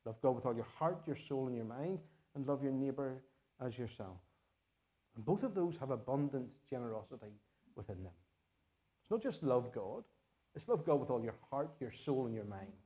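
A man with a Northern Irish accent preaching a sermon to his parish, earnest and measured, repeating key phrases for emphasis. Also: mid-range voice, very animated, dark tone. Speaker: pastor.

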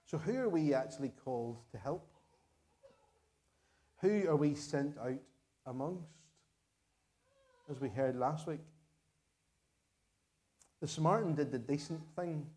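Northern Irish male pastor, mellow voice, earnest sermon delivery, repeats phrases for emphasis. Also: a little high, expressive, a little slow, long pauses.

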